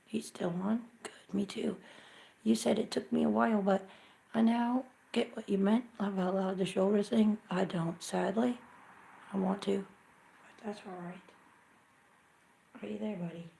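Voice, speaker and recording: A woman hosting a laid-back livestream, talking in a chatty, self-mocking way and often muttering to herself. Her voice has a gravelly, fry-tinged edge. The sound carries a noticeable room echo. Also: medium pitch, fairly even intonation, moderate pace, pauses often, dark tone. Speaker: livestream host. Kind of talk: casual live chat. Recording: echoey room.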